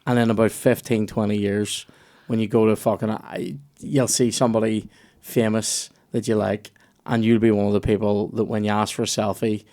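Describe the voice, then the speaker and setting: A man's voice: fairly low pitch, level tone, normal speed, dark tone. A man in casual comedy podcast chat, telling rambling, sweary anecdotes. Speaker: podcast guest.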